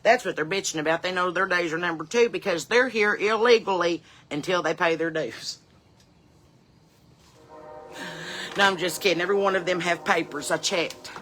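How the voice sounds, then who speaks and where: A woman doing a sassy, chain-smoking middle-aged mom from the hills, with a twang. Her voice is bright and forceful, and she rambles on in folksy, cheeky asides. It is a comedy character monologue. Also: lowish voice, brisk, hardly any pauses, slight background noise, close to an everyday voice. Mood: ranting.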